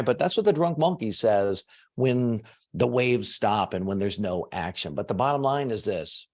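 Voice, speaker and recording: A man coaching an audience on manifestation, talking casually and swinging from soft low asides to loud emphatic bursts. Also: lively intonation, normal speed. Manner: casual, uses fillers like "like" and "you know". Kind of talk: motivational teaching talk to an audience.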